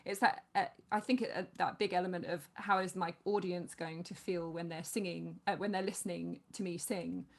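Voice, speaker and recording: A woman with a fairly low voice coaching singers. She talks in a chatty, encouraging way and often stops to say "um". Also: fairly even intonation, moderate pace, creaky, few pauses. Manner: chatty, encouraging, with many fillers. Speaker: choral singing coach. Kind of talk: online vocal workshop instruction.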